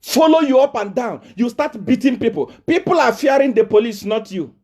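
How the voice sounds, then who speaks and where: A man's voice: very high voice, lively intonation, normal speed, a little mellow. A Nigerian man, a prophet, giving a confrontational live video address full of taunts and repeated rhetorical questions. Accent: Nigerian English.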